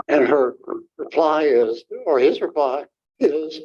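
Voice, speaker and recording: An older man, a guest author, talking informally to an audience and taking questions, halting with many fillers and restarts. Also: fairly high pitch. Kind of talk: informal talk and Q&A. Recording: dull lo-fi room recording.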